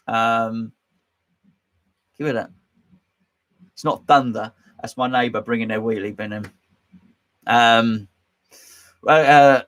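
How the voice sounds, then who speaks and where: A man's voice: mid-range voice, fairly bright tone. A man hosting a casual live stream from his home man cave, rambling and joking as he reads out chat comments. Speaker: host.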